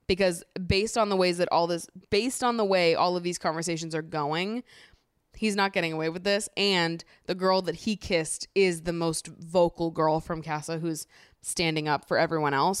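Female podcast host, casual recap rant, low smooth voice on a dry close mic, exasperated and profane. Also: dry recording. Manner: animated, swears freely, exasperated ranting.

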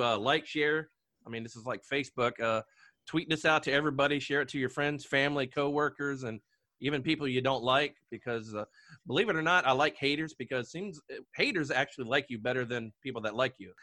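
A man's voice: mid-range voice, sharp tone, no echo. A man hosting a podcast, chatting casually with guests and laughing often. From Delaware. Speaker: podcast host.

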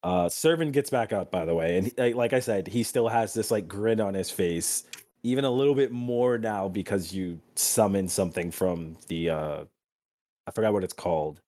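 A man's voice: fairly low pitch, normal speed, dark tone. A man narrating as game master of a tabletop role-playing game, in a laid-back, chuckling way.

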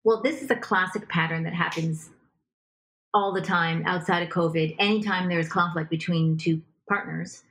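A woman coaching on relationships as a guest in an interview, lively and acting out example dialogue as she explains. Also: fairly low pitch, moderate pace, rough recording. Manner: animated, acts out example dialogue. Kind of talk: conversational advice in a podcast interview.

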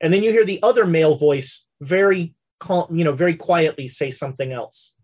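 A woman narrating a tabletop western role-play as game master, halting and full of fillers. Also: deep voice, a little mellow.

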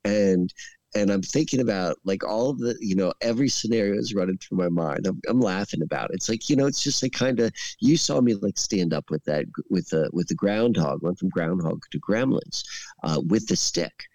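A man's voice: deep voice, normal speed, no echo. A man telling a long, rambling story in casual chat, full of fillers, laughing as he goes. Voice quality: rambling, heavy use of "like". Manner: animated, laughs while telling. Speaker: podcast storyteller.

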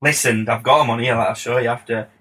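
A man, a music producer, telling a casual story on a podcast as a lively, swearing narrator who acts out the dialogue. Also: mid-range voice, fast talker, heavy background noise. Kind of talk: casual anecdote.

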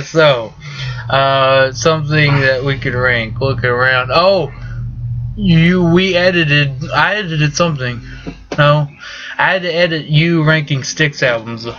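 A man's voice: on the high side, takes it slowly, pushed and bright. A man hosting a casual podcast, who rambles, jokes, and trails off with fillers. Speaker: podcast host. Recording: slightly muffled podcast audio, faint noise.

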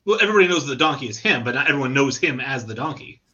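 A man's voice: medium pitch, lively intonation, racing, pushed and bright, muffled recording. A man co-hosting a casual sports podcast who argues and teases in a pushy way. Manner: argumentative, teasing. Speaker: podcast co-host.

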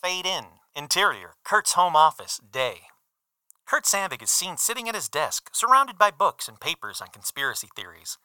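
A man's voice: fairly high pitch, very animated, moderate pace, pushed and bright, clean tone, no echo, heavily acted. A man putting on a narrator voice to read out screenplay stage directions. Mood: formal. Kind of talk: reading stage directions aloud.

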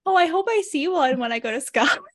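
A woman's voice: sits high, animated, fast talker, fairly bright tone. A young adult woman co-hosting a book podcast in a casual, chatty way, laughing often as she tells stories. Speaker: podcast co-host. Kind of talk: casual chat.

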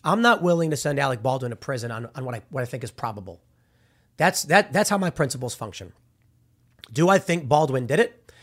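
A man giving casual, argumentative opinion commentary with a slangy, animated way of talking. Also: medium pitch, fairly quick, breathy edge.

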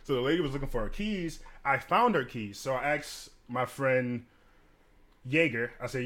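A man and bartender telling stories in a casual chat, animated and profane, acting out what others said. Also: mid-range voice, fairly quick. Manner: animated, profane, acts out quotes with big swings. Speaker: podcast co-host and bartender.

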